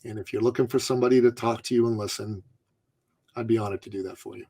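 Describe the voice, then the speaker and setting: A middle-aged man, a podcast guest, tells a story with drama and laughter in an animated way. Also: on the low side, quick pace, vocal fry, husky.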